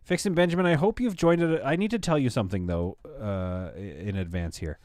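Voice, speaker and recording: A man's voice: medium pitch, a little fast, darkish tone, dry recording, studio quality. A man in his thirties chatting casually on a live stream, tired from staying up all night, joking and rambling to his viewers. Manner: joking, rambling, talks to chat.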